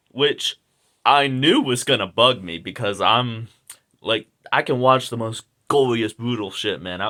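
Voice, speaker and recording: A man with a hoarse, slightly sick voice, rambling through a casual video review with lots of fillers and slang. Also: medium pitch, pushed and bright. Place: indoors at home.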